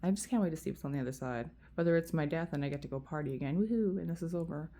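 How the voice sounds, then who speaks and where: A woman's voice: low-pitched, racing, warm tone, a little hiss or hum. A woman vlogger venting in a rambling, profane rant to camera, full of fillers.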